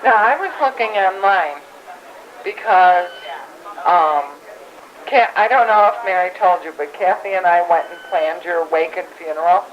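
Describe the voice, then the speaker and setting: Middle-aged woman, chatty gentle questions. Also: lowish voice, a little slow. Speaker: family interviewer. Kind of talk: casual family conversation. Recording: dull home recording with faint hiss.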